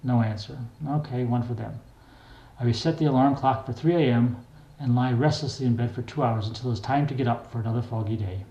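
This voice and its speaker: An older man reads his own memoir aloud in a plain, wry, unhurried way. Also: medium pitch, warm tone, lo-fi sound. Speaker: memoir reader. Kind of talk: memoir narration. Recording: echoey room.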